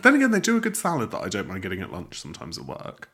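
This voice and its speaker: A man's voice: deep voice, huge pitch swings, racing, fairly bright tone. A young man co-hosting a podcast, chatting casually, blunt, wry and sweary. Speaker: podcast co-host. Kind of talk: casual chat.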